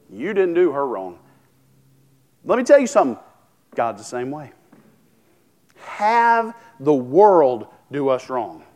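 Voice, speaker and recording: A man's voice: on the high side, darkish tone. A man preaching a sermon, talking casually, asking the congregation questions and restarting his sentences. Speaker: pastor.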